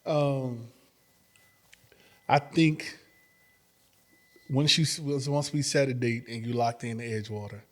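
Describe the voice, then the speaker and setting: Guy spinning an animated story, does the voices, laughs a bunch, mid-pitched. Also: takes it slowly, pauses often. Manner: animated storyteller, acts out quotes, laughs often. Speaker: interview guest, former fighter and matchmaker. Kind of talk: casual storytelling interview.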